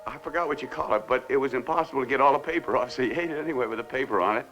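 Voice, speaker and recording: An actor playing an obsessed man in a 1960s television drama, swinging between whispers and shouts as he raves about money. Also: medium pitch, rapid-fire, dull audio, faint music behind, lightly acted. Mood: exalted.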